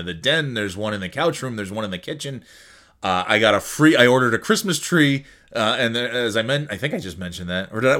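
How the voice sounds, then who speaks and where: A man's voice: fairly low pitch, fairly bright tone. A man hosting a solo podcast from home, chatting casually in a rambling, jokey, self-mocking way. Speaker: podcast host.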